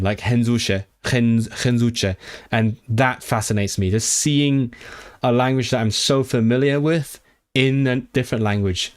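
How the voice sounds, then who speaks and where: A man studying a language on a livestream, thinking aloud and repeating foreign words to practice them. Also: mid-range voice. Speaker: language learner streaming. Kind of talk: casual self-study livestream.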